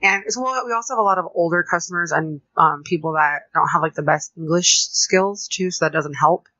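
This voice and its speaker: A woman co-hosting a podcast, talking fast and rambling in casual chat. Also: on the low side, bright, forceful tone, dry recording, lo-fi sound. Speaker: podcast co-host.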